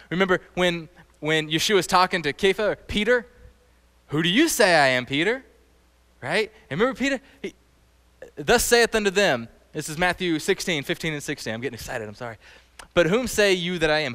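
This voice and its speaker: Animated male preacher in a reverberant hall. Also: on the high side. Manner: animated, conversational, quizzes the audience. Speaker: teacher. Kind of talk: sermon.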